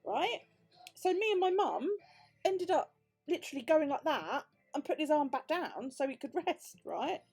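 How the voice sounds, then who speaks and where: A woman's voice: sits high, very animated, normal speed, darkish tone, faint music behind. A British woman vlogger telling a story in casual chat, swearing freely and acting out the quoted dialogue. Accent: British English. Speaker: crafting vlogger.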